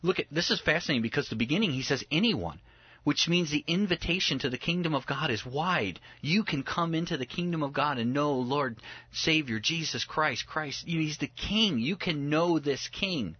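A man walks through scripture in a lively, emphatic way, with a touch of humor. The sound is dry and close. It has a slightly dull, lo-fi edge. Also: on the high side, normal speed, husky, no echo. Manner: animated, emphatic, acts out scenes with humor. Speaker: Bible teacher. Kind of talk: conversational Bible teaching.

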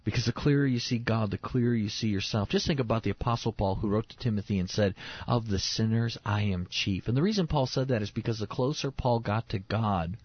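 Teaching the Bible sermon-style on a faith show, this preacher hammers his points emphatically and repeats key phrases for stress. His voice is medium-pitched and slightly rough, captured in a dry recording with a dull lo-fi sound.

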